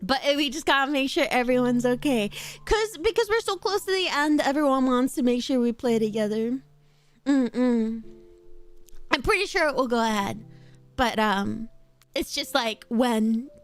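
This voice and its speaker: A woman's voice: high voice, animated, moderate pace, soft background music. A young British woman streaming and chatting casually, rambling and laughing often. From United Kingdom. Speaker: VTuber streamer. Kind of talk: casual livestream chat.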